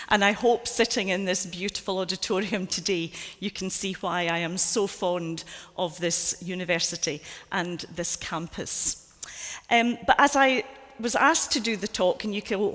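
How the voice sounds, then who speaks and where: A Scottish woman in her sixties delivers a keynote in a large auditorium. Her voice sits at a medium pitch, and her talk is chatty, with wry, self-deprecating asides. The sound carries the long reverb of a big hall. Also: fairly bright tone. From Scotland. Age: 60s. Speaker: keynote speaker. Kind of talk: conference keynote address.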